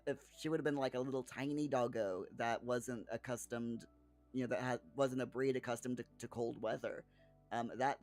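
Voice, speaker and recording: A man's voice: medium pitch, a little mellow. Chatty man answering his viewers. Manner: rambling, with frequent restarts and chuckles. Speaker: streamer reading chat. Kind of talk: casual chat.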